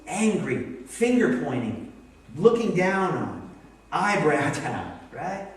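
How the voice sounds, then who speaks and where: A man in his forties preaching a sermon, animated and acting out quoted voices as he goes. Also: fairly high pitch, takes it slowly. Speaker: pastor. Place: church sanctuary. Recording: echoey church hall mic from a distance.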